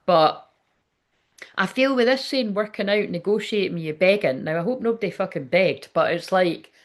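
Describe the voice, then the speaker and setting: A woman's voice: mid-range voice, lively intonation, normal speed. A woman giving a casual spoken tarot reading, chatty and rambling, with frequent swearing and lots of filler words. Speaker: tarot reader.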